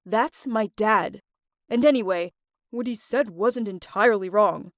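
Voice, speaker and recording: A woman's voice: medium pitch, measured pace, dry recording, clean studio sound, lightly acted. A woman voicing a young man, a boyfriend who obeys his parents, speaking in a curt and dismissive way.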